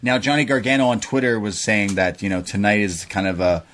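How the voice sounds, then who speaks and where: A man's voice: lowish voice, steady tone, a little fast, fairly bright tone, slight background noise. A man from Canada co-hosting a podcast, casually recapping a wrestling show play by play. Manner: chatty, recaps events play by play. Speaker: podcast co-host. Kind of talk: casual wrestling review chat.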